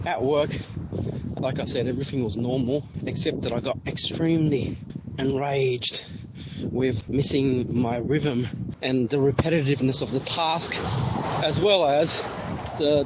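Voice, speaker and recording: A man vlogging about his warehouse job, venting bluntly and swearing as he grumbles about his day. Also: medium pitch. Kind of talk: casual venting monologue. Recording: dull lo-fi sound with vehicle noise.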